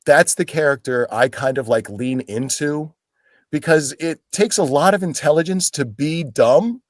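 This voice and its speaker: A man's voice: fairly high pitch, unhurried, no room sound, clean studio sound. A man from Pennsylvania, an actor as a guest, telling stories in a casual interview and acting out quoted lines in voices.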